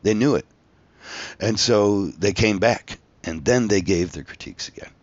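A man's voice: on the low side, normal speed, darkish tone, no echo. A man telling a story about his time as a tattoo artist on a show, in an angry rant full of swearing. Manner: angry, profane, emphatic. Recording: dull lo-fi recording.

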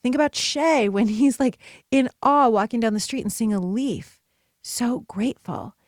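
A woman's voice: on the high side, normal speed, a little mellow, dry recording, clean studio sound. A woman in her thirties hosting a podcast, talking in an enthusiastic, chatty motivational way with many asides. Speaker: podcast host. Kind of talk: casual motivational monologue.

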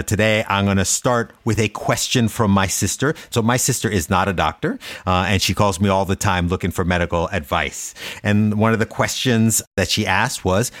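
A man's voice: on the low side, no room sound. A male doctor co-hosting a podcast, explaining in an easygoing way. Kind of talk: casual chat.

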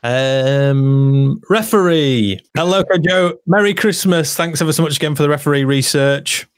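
A man's voice: on the high side, fairly quick, fairly bright tone, dry recording. Man, casual football podcast co-host, chatty, dry close mic. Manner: chatty, reads listener messages aloud.

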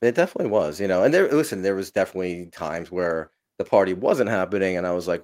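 A man's voice: low voice, sing-song, fast, few pauses, a little mellow. A man who is a podcast guest, telling long, rambling, profanity-laced stories and laughing through them. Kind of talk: casual storytelling.

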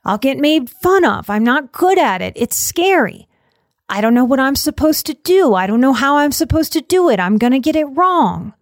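A woman's voice: high voice, sing-song, normal speed, no room sound, pitched above the performer's own voice. Woman doing a whiny kid voice, small and complaining, dry booth sound. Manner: whining, pleading complaints. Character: whiny, resistant inner child, scared and complaining.

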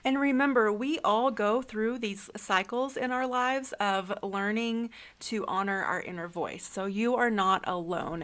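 A woman's voice: medium pitch, a bit bright. A woman giving a reflective spiritual self-help talk, asking the listener many questions in an earnest way. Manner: uses fillers like um and you know. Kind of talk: solo spiritual talk, podcast-like.

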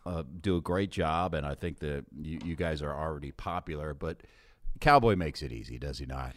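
A man's voice: very deep voice, normal speed. A man hosting a podcast who asks playful, prodding questions in a casual interview. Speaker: podcast host.

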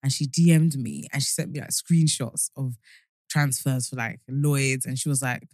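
A woman's voice: very deep voice, moderate pace, dry recording, clean studio sound. A young woman co-hosting a podcast, chatting casually and acting out the voices of the people in her stories. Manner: animated storyteller, acts out quoted voices. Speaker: podcast co-host. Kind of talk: casual chat.

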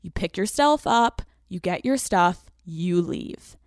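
A young woman hosting a podcast, giving blunt breakup advice with lots of swearing and quick laughs. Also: fairly low pitch, animated, dry recording, studio quality. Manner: blunt, profane, laughs mid-sentence. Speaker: podcast host. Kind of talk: casual advice monologue.

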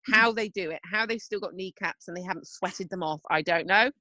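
A woman co-hosting a podcast, chatting casually with bubbly animated storytelling and frequent laughter. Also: mid-range voice, brisk, no room sound, rough recording. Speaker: podcast co-host. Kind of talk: casual chat.

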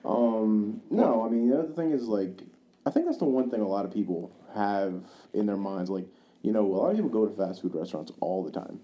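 Talking fairly quickly in a lowish voice with the highs cut off, a male podcast co-host tells casual, rambling stories. He curses freely, performs the voices of the people in them and is full of fillers and restarts.

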